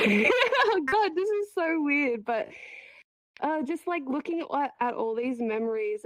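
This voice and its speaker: A woman's voice: on the high side, no room sound, rough recording. A woman with an Australian accent giving an informal eulogy at an online gathering, joking and laughing nervously. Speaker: eulogy speaker.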